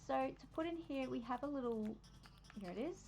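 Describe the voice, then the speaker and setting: A woman's voice: sits high, expressive, brisk, gravelly, a little mellow, faint music behind, low-quality recording. Chatty Australian woman streaming a game. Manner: chatty, easily distracted, laughs often. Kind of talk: casual live-stream commentary while decorating.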